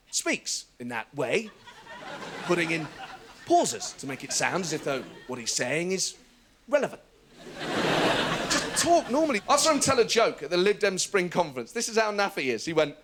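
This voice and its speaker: A man hosting a comedy show, delivering a mocking stand-up monologue. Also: sits high. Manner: animated, mocking, laughing asides. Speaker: comedian host.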